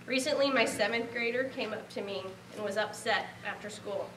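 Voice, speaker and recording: A woman's voice: a little high, moderate pace, reverberant, recorded from a distance, slight background noise, poor audio. A woman in her thirties from Nebraska giving a heartfelt award acceptance speech, earnest and grateful. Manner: heartfelt, earnest, speaking of a lost relative.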